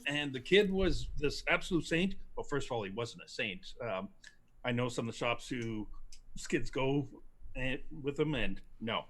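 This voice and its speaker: Co-hosting a laid-back livestream conversation, this man shares strong opinions and stories, imitating how others talk. His voice is a little high and his pace a little fast.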